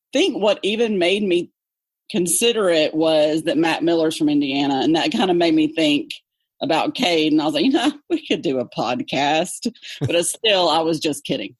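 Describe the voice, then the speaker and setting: A woman with a Southern accent, an English teacher chatting in an interview, talkative and quick to laugh. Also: fairly low pitch, no echo. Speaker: English teacher, podcast co-host guest. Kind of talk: casual interview chat.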